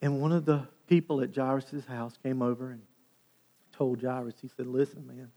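A male pastor preaching a sermon, retelling a story with animated, dramatic delivery. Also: mid-range voice, normal speed. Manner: animated, dramatic storytelling with sharp swings in loudness.

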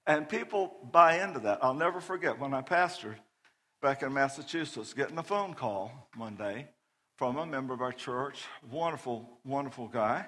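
A middle-aged man preaching a sermon, telling a personal story loudly and animatedly, often laughing. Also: mid-range voice, moderate pace, long reverb tail. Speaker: pastor.

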